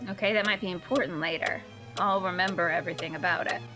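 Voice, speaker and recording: A woman's voice: fairly low pitch, steady tone, music in the background. A woman co-streaming a game, chatting, joking and speculating about the story. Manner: chatty, joking, quick to laugh. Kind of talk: let's-play commentary.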